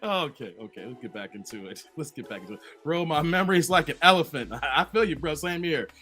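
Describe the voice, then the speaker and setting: A playful man hosts a casual live stream. His voice sits high and bright, and he laughs often between the comments he reads out. Faint music plays behind him. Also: animated, quick pace. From Chicago.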